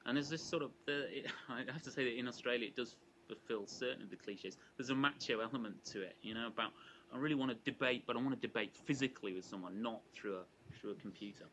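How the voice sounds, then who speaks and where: A man giving an academic lecture to a live audience in a measured, explanatory way, often restarting his phrases. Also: mid-range voice, fairly bright tone, dull audio, slight background noise. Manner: measured and explanatory, with frequent restarts and hedging asides.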